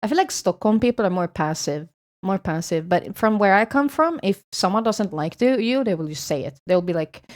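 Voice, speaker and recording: A woman's voice: medium pitch, expressive, normal speed, a little mellow. Swedish accent woman streaming, rambly casual chat, swears a lot. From Sweden.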